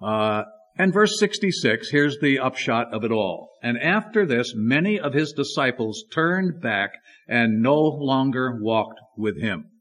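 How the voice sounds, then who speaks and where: A man's voice: mid-range voice, lively intonation, a little slow, fairly bright tone. A man preaching a sermon in an emphatic, questioning manner. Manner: emphatic, asks the congregation rhetorical questions.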